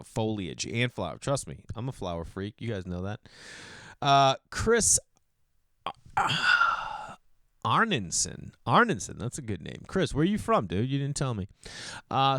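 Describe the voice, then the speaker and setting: This rambling comedian and podcast host from Boston has a smooth voice captured on a dry recording. His casual comedic monologue is animated, swinging between loud acted-out voices and low mumbled asides, with casual swearing and listeners called dude.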